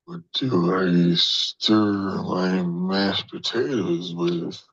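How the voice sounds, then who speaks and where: A very deep, gravelly male voice comes in slowly with dry, absurd one-liners on a comedy podcast. He sounds a little muffled, as if on a lo-fi mic. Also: fairly bright tone. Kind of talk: improvised comedy banter.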